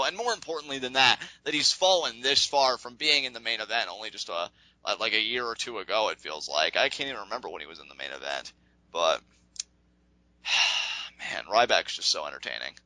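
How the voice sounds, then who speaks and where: Man, very bright voice, animated and rambling, dry close sound, casual podcast chat. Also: mid-range voice, no echo, rough recording. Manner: animated, rambling, laughs often. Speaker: podcast co-host. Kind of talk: casual wrestling recap chat.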